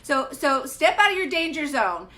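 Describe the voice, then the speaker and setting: A woman hosts a casual live coaching chat for women in business. She talks to her viewers directly and with emphasis. Her voice is high and bright. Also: sing-song, moderate pace. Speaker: host.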